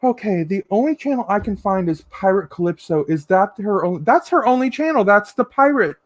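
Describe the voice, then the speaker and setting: A man hosting a casual livestream, reading viewer comments aloud and answering in a sassy, campy way with drawn-out endearments. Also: high-pitched, animated, no echo. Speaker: livestream host.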